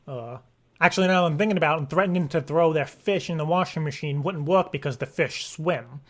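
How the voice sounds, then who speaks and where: A man's voice: fairly high pitch, brisk, fairly bright tone. A man making a prank phone call, rambling and stammering in a mock-earnest way. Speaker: prank caller.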